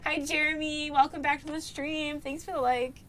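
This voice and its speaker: A woman's voice: sits high, fairly even intonation, normal speed, sharp tone, a little hiss or hum. A young woman streaming live, chatting casually and greeting viewers, breaking into frequent laughter. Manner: giggly, laughs often and reads chat names aloud.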